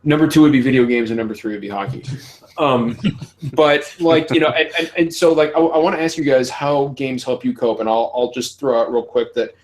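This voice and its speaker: A man's voice: medium pitch, fairly even intonation, brisk, low-quality recording. A man in his thirties hosting a podcast, talking candidly with frequent swearing and laughter. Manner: candid, profane, laughs often. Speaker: podcast host. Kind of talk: casual podcast conversation.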